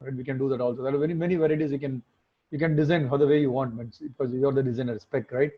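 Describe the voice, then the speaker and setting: A man's voice: mid-range voice, fairly even intonation, racing, husky. A man teaching an online class, explaining things step by step and often checking with tag questions. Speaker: instructor. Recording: phone-like muffled call audio.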